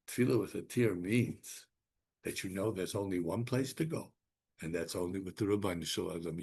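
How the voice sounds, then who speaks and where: An older man, a rabbi, giving an animated Torah lecture with emphatic repeats and restarts. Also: fairly low pitch, creaky, breathy edge.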